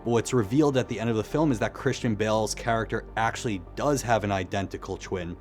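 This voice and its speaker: A man's voice: on the low side, quick pace, darkish tone, soft background music. A man giving a casual, reflective film commentary in a conversational way. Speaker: video essayist.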